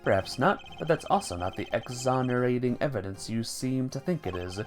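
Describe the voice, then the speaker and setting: A man voicing a stern, precise male prosecutor in a measured, formal manner. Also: mid-range voice, animated, faint music behind, voice pushed up, close to an everyday voice. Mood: cool.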